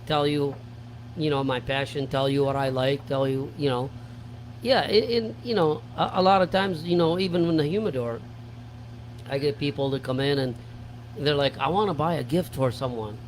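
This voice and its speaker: Easygoing store owner with a slightly higher voice. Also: male voice, moderate pace, a little hiss or hum, low-quality recording. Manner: easygoing, explanatory, filler-heavy. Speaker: wine and cigar store owner, guest. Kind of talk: casual chat.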